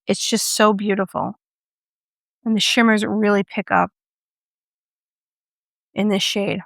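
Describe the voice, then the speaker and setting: A woman's voice: medium pitch, creaky, a bit bright, dry recording, studio quality. A woman from the United States, a beauty vlogger, chatting casually through a product review and joking about her own pronunciation.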